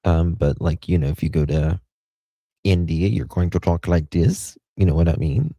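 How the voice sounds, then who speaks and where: A man's voice: low voice, normal speed, mellow, dry recording. A man co-hosting a casual chat, opinionated and rambling, often restarting his sentences.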